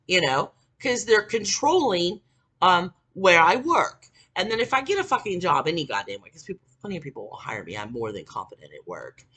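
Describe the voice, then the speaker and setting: A vlogger in their forties with a husky, breathy edge and a sharp, tense brightness to the voice. The pitch moves widely, from sunken mutters to shouted peaks. The talk is a rambling, profane monologue full of bitter grievance. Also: very animated, fairly quick. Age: 40s. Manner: profane, bitter ranting with frequent filler words; swings from low muttering to shouted outbursts. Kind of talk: casual monologue to camera.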